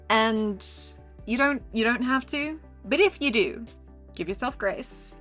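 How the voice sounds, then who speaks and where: A woman's voice: a little high, takes it slowly, a bit bright, faint music behind. A woman with a South African accent, coaching viewers on camera in an upbeat, encouraging, playful way. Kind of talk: casual direct-to-camera advice.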